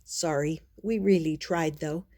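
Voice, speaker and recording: Slow, low-voiced grandmother reading aloud. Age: older. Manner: unhurried, expressive reading with playful asides. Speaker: storyteller grandmother. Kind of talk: reading a children's picture book aloud.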